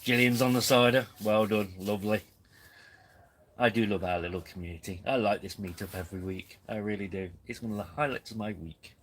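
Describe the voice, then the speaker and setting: A man's voice: fairly low pitch, a little fast, a bit bright, low-quality recording. A man hosting a casual live stream from his tent, rambling and self-deprecating. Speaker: camping channel host. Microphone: camera on tripod.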